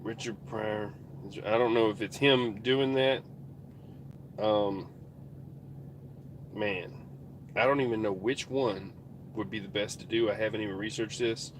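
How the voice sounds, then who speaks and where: A man's voice: on the low side, steady tone, measured pace, long pauses, background noise. Rambling man vlogging from a truck. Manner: rambling, self-interrupting, folksy. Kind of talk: casual rambling chat.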